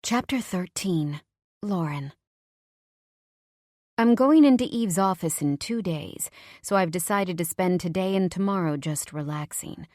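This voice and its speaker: Female romance audiobook narrator, lowish voice, dry close read. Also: unhurried, darkish tone, dry recording.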